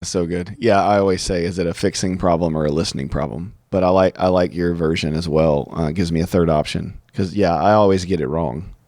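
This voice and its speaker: A deep-voiced man hosts a casual interview. He tells animated stories and acts out both voices in them. The mic is close and dry. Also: fairly quick, hardly any pauses, dry recording. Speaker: podcast host.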